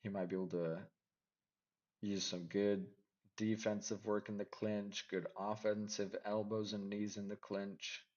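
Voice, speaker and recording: Low-voiced man rambling through fight picks. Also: little pitch movement, measured pace, dull audio. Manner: rambling, second-guesses himself out loud. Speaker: MMA fight picks vlogger. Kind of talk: casual fight predictions.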